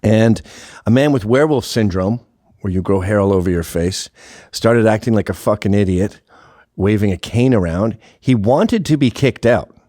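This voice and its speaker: A man's voice: lowish voice, expressive, normal speed, warm tone, no echo, studio quality. A man hosting a show, talking through a sarcastic, profane monologue and laughing at his own jokes. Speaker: host. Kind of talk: casual monologue commentary.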